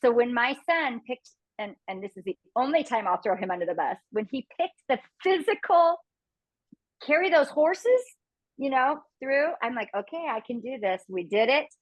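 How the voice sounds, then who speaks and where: A woman's voice: a little high, normal speed, no room sound, poor audio. A woman in her fifties from Phoenix, a reality show contestant telling stories in a casual interview, laughing often and acting out quotes. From Phoenix, USA. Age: 50s. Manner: laughs often, animated storytelling with acted quotes.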